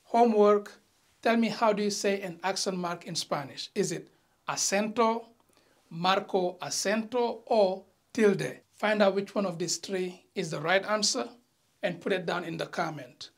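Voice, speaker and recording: A teacher giving an online lesson, talking straight to viewers with light teasing and reading example sentences slowly and carefully. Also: medium pitch. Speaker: language teacher.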